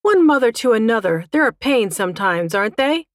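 A woman puts on a huge, short-tempered mother dragon for an audiobook, pitched above her usual voice. She squawks, gripes and snaps at everyone, recorded close and dry. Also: very animated, brisk, no room sound. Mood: snappish. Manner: squawking, snappy, easily flustered.

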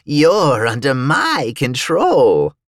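A man voicing a scheming male djinn who is arrogant but quick to cower, in an audiobook. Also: mid-range voice, huge pitch swings, no echo, studio quality, pitched above the performer's own voice, exaggerated voice. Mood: smug.

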